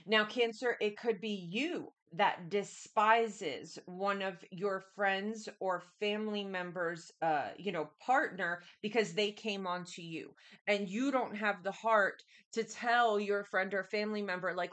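A woman's voice: medium pitch, steady tone, unhurried, fairly bright tone. A woman giving a casual tarot reading, chatty and repetitive, speaking straight to the listener. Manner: chatty, repetitive, keeps addressing the listener directly. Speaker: tarot reader.

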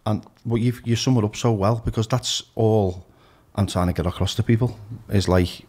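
Man, Liverpool accent, middle-aged, low-pitched, blunt, swears a lot, podcast guest. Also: moderate pace, a little mellow. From Liverpool, England. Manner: frank, heavy swearing, emphatic. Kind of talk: candid podcast conversation.

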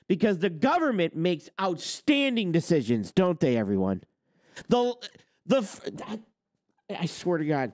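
A man hosting a trucking talk channel launches into a ranting opinion monologue full of heated sarcasm and swearing, mocking others in put-on quotes. His high-pitched voice is sing-song, unhurried and darkish, captured in clean studio quality with no echo.

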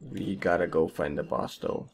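A man hosting a casual gameplay commentary, his voice partly lost, rambling and trailing off quietly. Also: sits low, moderate pace, vocal fry, slight background noise. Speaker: gaming channel host.

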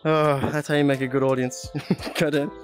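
A man's voice: on the high side, little pitch movement, normal speed, faint music behind. A young Australian man chatting casually on a live stream, laughing often and reading chat aloud.

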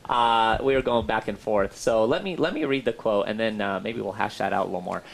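A man's voice: fairly low pitch, brisk, creaky. A man co-hosting a casual talk show, chatty and upbeat with plenty of fillers. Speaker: co-host.

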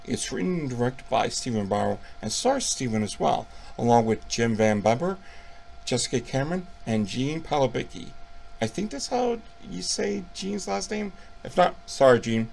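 A man hosting a casual horror film review, retelling the plot in a profane, playful and animated way. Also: mid-range voice, creaky, a little hiss or hum.

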